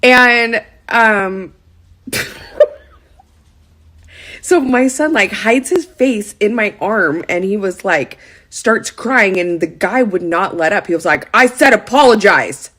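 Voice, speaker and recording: A woman in her thirties, a lifestyle vlogger, tells a personal story chattily, leaning heavily on "like" as a filler. Her mid-range voice moves slowly with hardly any pauses, over a noisy background.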